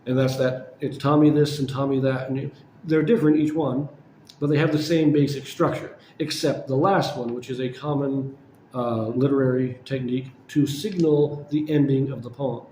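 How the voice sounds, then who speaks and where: A man's voice: mid-range voice, steady tone, normal speed, dark tone, echoey room, a little hiss or hum. A man casually explaining a poem's form and meter, with frequent fillers and self-corrections. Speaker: poetry channel host. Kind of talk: casual poetry lecture.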